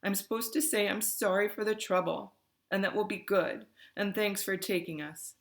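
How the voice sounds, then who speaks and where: A woman voicing a tearful teenage girl who speaks haltingly between sniffs. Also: mid-range voice, voice pushed up, lightly acted. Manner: halting, hiccuping.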